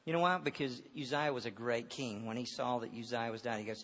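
A middle-aged male pastor preaching a sermon in a church auditorium, moving from loud, impassioned preaching to hushed storytelling. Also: mid-range voice, fairly even intonation, fairly quick. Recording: dull reverberant hall sound.

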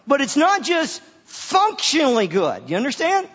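A male pastor preaching a sermon, halting and often repeating his words. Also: very high voice, huge pitch swings, fairly bright tone, in a large hall, dull audio.

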